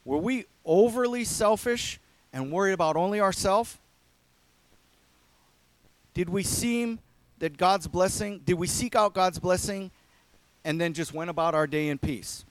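Man, pastor, sermon, earnest, emphatic then hushed, higher voice, dry close recording. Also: a little slow, pauses often, dry recording.

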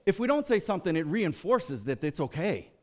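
Speaking fairly quickly in a high-sitting voice, an American lay preacher gives a sermon full of animated storytelling. He acts out the voices of the people in his stories.

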